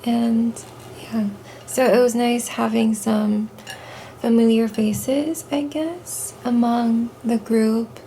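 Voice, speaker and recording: A woman vlogging casually at home, tired and a little rough-voiced, talking softly with lots of fillers. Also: a little high, slight background noise, low-quality recording. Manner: soft-spoken, relaxed, chatty with fillers. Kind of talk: casual vlog talk. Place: home, indoors.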